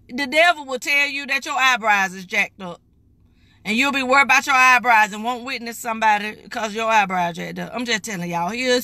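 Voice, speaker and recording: A woman's voice: fairly high pitch, pushed and bright, dry recording. A middle-aged woman preaches an emphatic, folksy live-streamed morning devotional, calling her viewers "baby.". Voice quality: raspy.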